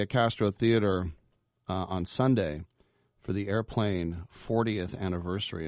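Man, sports radio host, low voice, dry close sound, rambling, jokey asides. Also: dry recording. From San Francisco Bay Area, US. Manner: rambling, jokey, many fillers. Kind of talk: casual sports talk.

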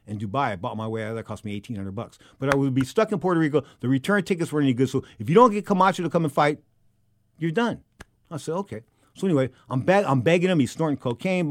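A middle-aged man telling a long anecdote about his time as a boxing announcer, acting out each quote and turning loud and high when he gets worked up. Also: no room sound, clean studio sound. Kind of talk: animated storytelling.

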